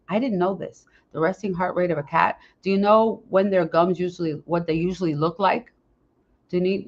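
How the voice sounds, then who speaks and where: A woman's voice: on the low side, lo-fi sound. A woman hosting a casual podcast, talking earnestly to listeners and often breaking off and restarting her sentences. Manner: earnest, speaks straight to listeners with questions. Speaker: podcast host. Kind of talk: casual unscripted podcast talk.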